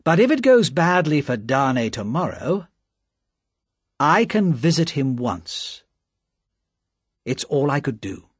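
A man reading aloud, voicing a calm, measured Englishman who speaks smoothly and quietly firm. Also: medium pitch, dry recording, studio quality, heavily acted.

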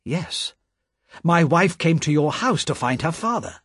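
A man voicing a troubled young nobleman prisoner who gives short, plain replies in a husky voice. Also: fairly high pitch, expressive, measured pace, fairly bright tone, no room sound, clean studio sound, pitched above the performer's own voice, exaggerated voice. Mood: uneasy.

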